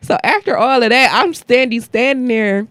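A woman's voice: fairly high pitch, expressive, normal speed, fairly bright tone, dry recording. A woman co-hosting a podcast, telling stories in brash, profane casual chat. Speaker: podcast co-host.

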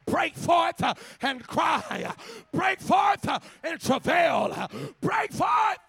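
Raspy high-voiced preacher man whooping. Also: sing-song, slow, dry recording, some chatter behind. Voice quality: raspy, gravelly voice. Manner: rhythmic "uh" breaths between shouted phrases. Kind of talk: Pentecostal-style sermon, chanted and shouted. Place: church sanctuary.

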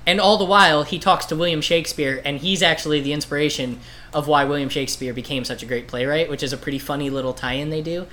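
A man's voice: fairly high pitch, fairly even intonation, quick pace, bright, forceful tone, slight background noise. A man casually retelling a comic story on a podcast, rambling, swearing and acting out the voices. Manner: rambling, profane, acts out quoted voices. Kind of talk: casual chat.

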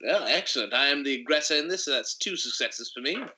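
A man playing a tabletop game, lively and playful, thinking aloud about his plans. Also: medium pitch, fast, low-quality recording. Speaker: player. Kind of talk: in-character tabletop play.

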